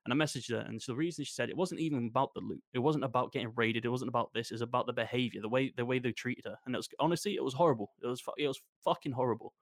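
A man pouring out a heated complaint, circling back and repeating his words, with swearing. He talks fast at a middle pitch. The sound is dry and close. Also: dry recording. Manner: rambling, repetitive, swearing.

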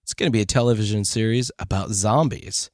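A man co-hosting a podcast, giving a chatty, animated recommendation. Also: fairly low pitch, fairly quick, no room sound, studio quality. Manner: lively, chatty storytelling. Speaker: podcast co-host. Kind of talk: casual chat.

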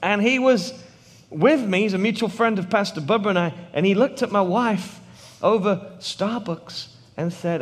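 A man in his thirties with a British accent, a missionary preaching a sermon and telling stories, at times dropping to hushed tones. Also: sits high, moderate pace, in a large hall. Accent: British English. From England. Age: 30s. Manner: storytelling, drops to hushed tones for effect.

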